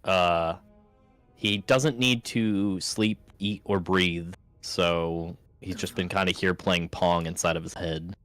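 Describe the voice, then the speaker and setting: Brief: lowish bright male player, dry close mic, jokey tabletop chat. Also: fairly even intonation, takes it slowly, dry recording. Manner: laughing, playful, voices his character in first person. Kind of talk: tabletop role-play chat.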